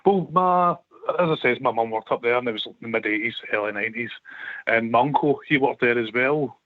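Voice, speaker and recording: A man's voice: mid-range voice, brisk, no echo. A Scottish man on a radio phone-in panel, telling stories earnestly and stumbling over his words. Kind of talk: casual phone-in chat. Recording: dull lo-fi sound.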